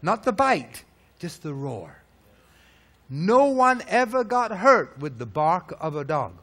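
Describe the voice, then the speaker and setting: A man preaching a sermon, firing rhetorical questions and swinging from loud peaks to low, hushed lines. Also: very animated, slow pace. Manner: emphatic, hammering rhetorical questions.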